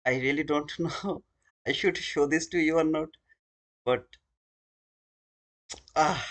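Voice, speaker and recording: A man's voice: fairly high pitch, takes it slowly, pauses often, a bit bright. A man hosting a live trading stream, talking to his viewers in an earnest, informal way.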